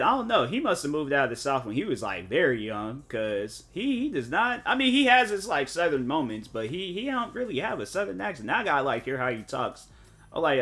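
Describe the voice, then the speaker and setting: Game music runs under a man's casual live-stream chat, which rambles with many filler words and restarts. His mid-range voice is bright and forceful.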